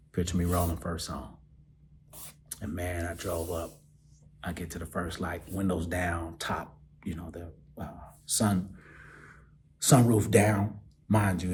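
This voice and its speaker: A man hosting a podcast, telling a personal story in an animated way that sinks into soft, choked-up near-whispers. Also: low voice, a little hiss or hum. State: choked up, close to tears. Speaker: podcast host.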